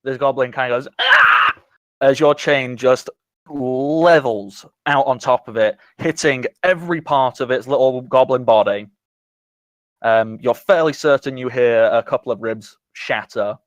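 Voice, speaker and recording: A man's voice: mid-range voice, unhurried, no echo. A man running a tabletop game as game master, narrating in a descriptive way with chuckles.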